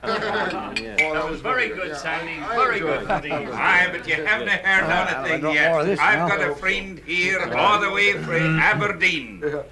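A man's voice: high-pitched, a little slow, long pauses, a loud crowd, poor audio. A man telling pub jokes on a party record, chuckling and acting out the characters in each story.

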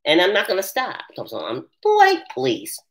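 A woman hosting a casual live chat, answering viewers' comments in an animated way and laughing often. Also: medium pitch, unhurried, creaky. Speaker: live stream host.

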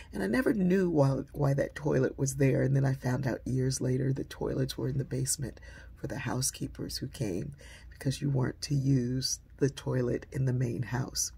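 Woman storyteller with a deeply husky, breathy voice and a warm, dark tone; conversational delivery that hushes for quoted lines. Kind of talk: personal storytelling.

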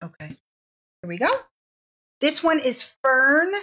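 A woman's voice: high-pitched, sing-song, takes it slowly, pushed and bright, slight background noise. Bubbly chatty woman hosting a live sale. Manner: bubbly, chatty, draws out product names. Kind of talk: casual live shopping stream.

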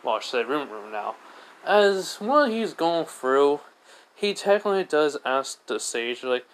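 A man's voice: on the high side, sing-song, a little slow, low-quality recording. A man narrating a fan-made what-if story in a rambling, casual way. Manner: rambling, many fillers and restarts.

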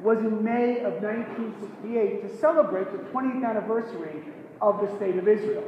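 A man giving a pre-concert lecture, explaining in a measured way with pauses and self-corrections, recorded in a concert hall. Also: high-pitched. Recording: echoey hall, dull lo-fi sound, faint noise.

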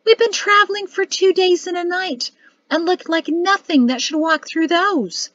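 A woman's voice: animated, normal speed, dry recording, muffled recording. A woman voicing a flustered, anxious young wife in an audiobook, pleading in a raised voice. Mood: fretful pleading. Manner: high, pleading and fretful.

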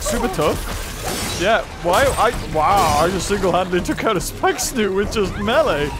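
A man hosting a let's play, chatting excitably and talking to the creatures on screen. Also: high voice. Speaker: gaming channel host.

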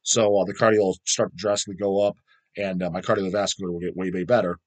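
A man's voice: deep voice, level tone, quick pace. A middle-aged man chatting casually as a vlog host, rambling and swearing constantly as he answers viewer questions.

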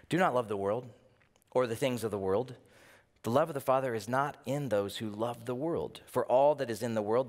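A man preaching a sermon as pastor, animated, firing off rhetorical questions with a lift in his voice. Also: medium pitch, long reverb tail. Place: church.

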